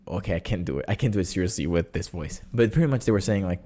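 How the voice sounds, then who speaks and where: Man, low voice, solo podcast host, loose rambling storyteller, dry sarcastic humor. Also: animated, quick pace, few pauses, dark tone. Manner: chatty and rambling, full of "like" and self-corrections; wry and sarcastic.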